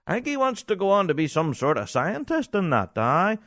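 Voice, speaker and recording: A man's voice: high voice, huge pitch swings, fairly quick, fairly bright tone, no echo, studio quality, voice pushed up, exaggerated voice. A man with a Scottish accent voicing a chatty spectator who rambles through hesitant small talk. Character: chatty gossiping man at a competition.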